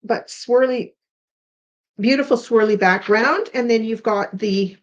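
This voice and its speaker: A woman's voice: a little high, measured pace. Tired canadian lady chatting thru her craft papers, kinda muffled lo-fi sound. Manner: chatty, thinks aloud, unsure asides. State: tired, yawning. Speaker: craft tutorial host. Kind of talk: casual craft demonstration. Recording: slightly dull lo-fi sound.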